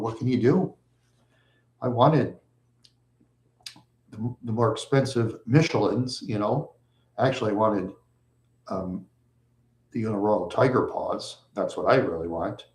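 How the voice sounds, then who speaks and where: A man's voice: fairly low pitch, darkish tone. A middle-aged man rambling on a live stream, mumbling and repeating himself in a self-pitying way. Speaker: livestream host. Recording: echoey room.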